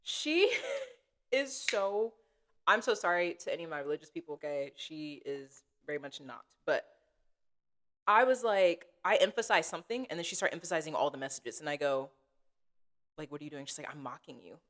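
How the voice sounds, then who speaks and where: A woman's voice: low voice, animated, normal speed, fairly bright tone. A woman co-hosting a podcast, chatting casually and acting out quoted lines as she tells a story. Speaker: podcast co-host.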